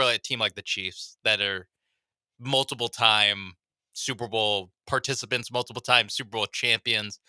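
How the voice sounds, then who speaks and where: A man's voice: lowish voice, bright, forceful tone, clean tone, dry recording. A man co-hosting a sports radio show, easygoing in casual chat, laughing along and working through his points.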